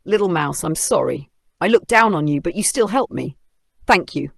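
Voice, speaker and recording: A narrator voicing a proud, grumpy male lion who talks in a gruff, dismissive way. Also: mid-range voice, animated, normal speed, dry recording, clean studio sound. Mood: humble.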